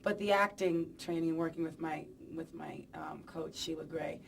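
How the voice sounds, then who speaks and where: A woman's voice: deep voice, fairly even intonation, moderate pace, gravelly, distant mic, a little hiss or hum. A woman singer giving a casual press interview, chatty and playful, rambling with plenty of fillers. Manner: chatty, playful and rambling, many "you know"s. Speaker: pop singer being interviewed. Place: press event.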